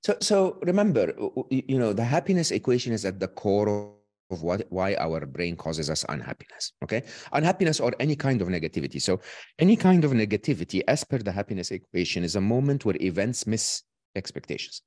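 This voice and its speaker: A man speaking as a guest who explains ideas in an animated way and often checks in with "okay?" and "right?". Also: on the low side, a little fast, dry recording, studio quality. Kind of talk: explaining ideas in an online talk.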